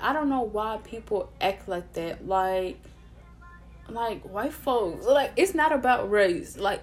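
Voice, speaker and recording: A woman vents to her viewers in a loose, unscripted rant, speaking. She swears freely, piles up fillers and keeps interrupting herself. Her pitch sits in the middle range for a woman. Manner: profane, animated, rambling with many fillers and self-interruptions. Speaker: vlogger. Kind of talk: casual opinion rant to camera.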